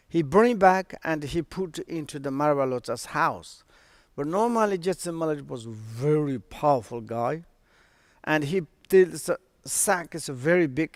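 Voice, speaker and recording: A man telling a story as a Buddhist teacher, in halting with many fillers. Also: a little high, no echo, studio quality. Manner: halting non-native English with fillers. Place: online stream.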